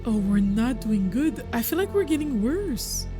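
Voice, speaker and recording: A woman's voice: on the high side, sing-song, measured pace. A woman streaming a game, chatting and reacting aloud in casual commentary. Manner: chatty, reacting aloud, teasing people off screen. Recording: game music playing behind.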